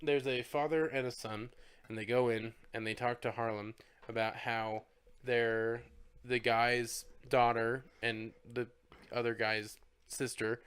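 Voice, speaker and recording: Guy cohost, smooth clear voice, easygoing, joking and cursing about a bad movie. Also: medium pitch, level tone, unhurried, a bit bright. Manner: laid-back, profane, jokey. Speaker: podcast co-host. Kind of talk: casual movie recap chat.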